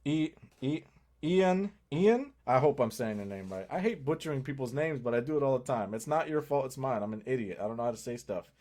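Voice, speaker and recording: A man hosting a live stream, greeting viewers by name and pitching to them in a hyped, direct way, with sudden drops into low asides. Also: quick pace, few pauses. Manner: energetic, talks straight to viewers, greets chat by name; swings between loud hype and low asides. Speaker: livestream host.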